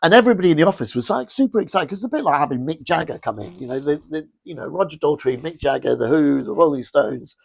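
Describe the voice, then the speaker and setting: A middle-aged man, a fashion brand founder, telling rambling, animated anecdotes with lots of restarts in a casual interview. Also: fairly high pitch, fast, vocal fry, hardly any pauses, husky, no echo.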